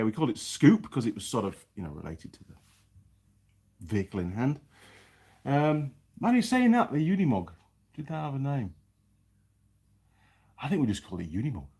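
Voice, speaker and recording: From his home workshop in New Zealand, a man with a husky, mid-range voice hosts a relaxed live stream. He chats freely and reads out viewers' names with lively greetings.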